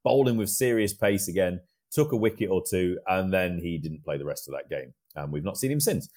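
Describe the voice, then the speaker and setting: A man's voice: sits low, animated, a little fast, a little mellow. A man co-hosting a cricket podcast, reflecting in casual chat and drawing on his own playing experience. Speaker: podcast co-host.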